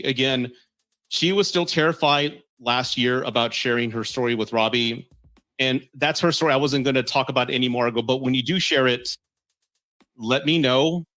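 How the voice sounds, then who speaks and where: A man's voice: medium pitch, sharp tone. A man giving casual commentary, reading messages aloud in a blunt, mocking, profane way. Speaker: content creator.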